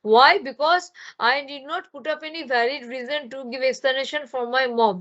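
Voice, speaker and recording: The audio is dull as a spoken English teacher from Bengal, India, gives an online grammar lesson over her laptop microphone. She has a high-pitched, fairly bright voice, talks at normal speed with few pauses, and explains using many fillers and restarts.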